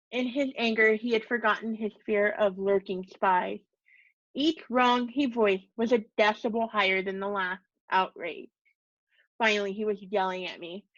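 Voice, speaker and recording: A woman teacher reads a short story aloud to her class in a steady, measured way, now and then stepping out to explain. Her voice is mid-pitched, and the sound is dull and dry, as from a home microphone. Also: dry recording. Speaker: teacher reading to students. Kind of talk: storybook reading with asides.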